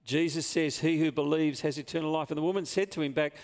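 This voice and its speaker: A man preaching a sermon as pastor, earnest and slowing down to stress his points. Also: on the high side, a little mellow. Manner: earnest, slows down for emphasis. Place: church. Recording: long reverb of a church hall.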